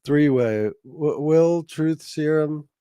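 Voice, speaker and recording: A livestream host rants in blunt, profane commentary, rambling through fillers. His voice is a little higher than most men's. The sound is close and dry, with no room around it. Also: takes it slowly, mellow, smooth, no echo. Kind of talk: ranting commentary.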